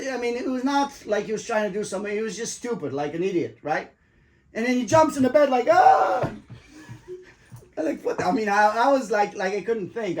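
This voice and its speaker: A man, a father, telling his children a story in casual chat, animated and swearing often, acting out what people said. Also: very high-pitched. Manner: animated, swears a lot, acts out quoted voices.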